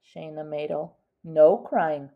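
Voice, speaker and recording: A woman reading the part of a stern, loving mother who talks in firm, hushed tones, on a dull lo-fi recording. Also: deep voice, fairly even intonation, takes it slowly, vocal fry, exaggerated voice. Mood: urgent, tender.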